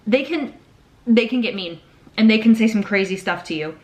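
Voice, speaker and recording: A woman's voice: fairly high pitch, normal speed. A young woman in her twenties chatting candidly to camera, swearing freely and acting out what people said to her. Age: 20s. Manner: candid, animated, swears freely, acts out quotes. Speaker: vlogger; patient navigator. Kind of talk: casual confessional chat.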